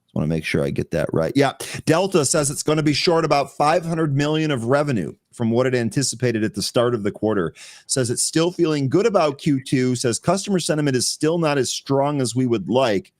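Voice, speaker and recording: This man hosts a live morning stock show at a middle pitch. He talks in a chatty way, reads market headlines aloud and walks through charts. He laughs easily between points. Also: lively intonation, brisk. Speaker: host of a pre-market trading show.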